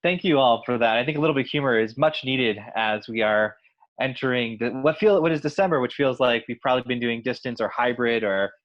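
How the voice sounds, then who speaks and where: A man's voice: mid-range voice, a little fast, dull audio. A man presenting at a conference, conversational and reflective.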